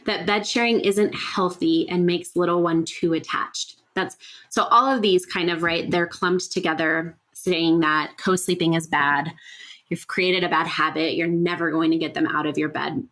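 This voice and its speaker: A woman's voice: fairly low pitch, fairly bright tone. A woman hosting a solo podcast, talking earnestly and conversationally, thinking aloud with fillers and rhetorical "right?" checks. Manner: earnest, explanatory. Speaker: podcast host. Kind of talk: casual solo podcast talk.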